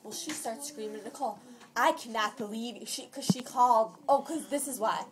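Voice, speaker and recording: A woman's voice: a little high, fairly quick, background noise. Rambling teenage girl telling a story. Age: teens. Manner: rambling, breathless retelling. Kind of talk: casual family chat.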